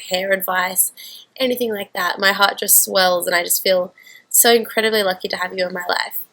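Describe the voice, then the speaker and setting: A woman's voice: medium pitch, pushed and bright, rough recording. A woman giving a heartfelt, rambling video message to an online group she founded. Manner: earnest, heartfelt, rambling with fillers. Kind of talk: direct-to-camera video message.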